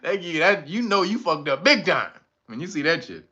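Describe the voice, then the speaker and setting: A man with a slightly high, very animated voice and a sharp tone hosts a casual commentary show at normal speed. He laughs a lot, riffs loosely, restarts his thoughts, and swears freely. The lo-fi recording sounds dull.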